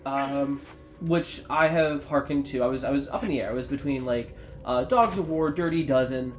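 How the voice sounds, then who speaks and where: A man's voice: medium pitch, normal speed, soft background music. A man co-hosting a gameplay video while sick, rambling through casual commentary with lots of ums. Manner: rambling, many ums and restarts. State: sick and sweating. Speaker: co-host of a gameplay channel. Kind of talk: casual let's-play chat.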